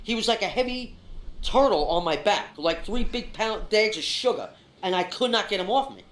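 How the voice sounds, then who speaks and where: A man's voice: high voice, expressive, moderate pace, a bit bright, roomy sound. A man telling a rambling story full of restarts and swearing, interviewed about a confrontation. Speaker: interviewee and video poster. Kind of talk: agitated storytelling with replayed rant.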